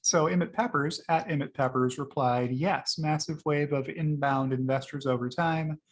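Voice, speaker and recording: Chatty man with a higher voice. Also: steady tone, moderate pace. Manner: chatty and rambling, with frequent fillers. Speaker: host reviewing liked tweets. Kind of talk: casual screen-share commentary.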